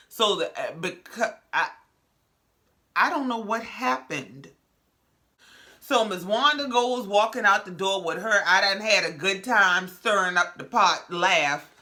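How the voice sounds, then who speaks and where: A woman's voice: on the low side, pushed and bright. A woman hosting a reality TV recap, talking in a sassy, blunt, slangy way. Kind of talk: casual commentary.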